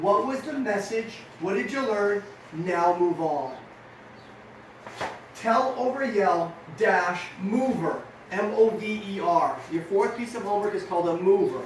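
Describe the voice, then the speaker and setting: High-voiced coach guy pumping up young riders, big echo, mic far off. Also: slight background noise. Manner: energetic, storytelling, acts out dialogue. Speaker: riding coach. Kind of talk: motivational talk to young riders. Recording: echoey room, far from mic.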